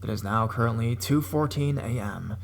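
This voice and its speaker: A man of medium pitch tells a scary story in a conversational narrating voice. His voice has a noticeable gravelly creak. He talks plainly, as though recounting something that happened to him. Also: normal speed. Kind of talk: horror story reading.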